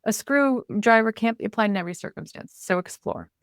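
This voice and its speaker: A woman guest on a podcast, a communication coach talking in an animated, expressive way and acting out her inner self-talk. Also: fairly high pitch, a little fast, no room sound, clean studio sound. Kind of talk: conversational interview.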